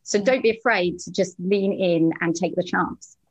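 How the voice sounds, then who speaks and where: A woman's voice: on the low side, normal speed, husky, rough recording. A woman guest on a podcast, speaking earnestly and encouragingly about her journey. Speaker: program graduate, guest. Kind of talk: casual interview.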